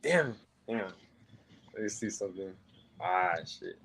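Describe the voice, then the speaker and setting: A man joining a livestream by remote call, chatting in an easygoing, slangy way with a very quiet mic. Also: on the low side, lively intonation, a little slow, dry recording, rough recording. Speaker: call-in guest. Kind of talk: casual chat on a call.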